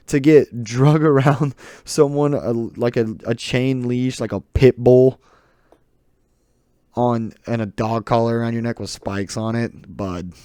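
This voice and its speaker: Southern teen dude rambling on his podcast, warm low-key voice, keeps laughing at himself. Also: dry recording, clean studio sound. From southern United States. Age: teens. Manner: rambling, self-mocking, laughs often. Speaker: podcast host. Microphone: desk mic, close.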